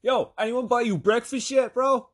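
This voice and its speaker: A man putting on his loud friend shouting greetings across a store. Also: extremely high pitch, normal speed, voice pushed up. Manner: shouting, boisterous.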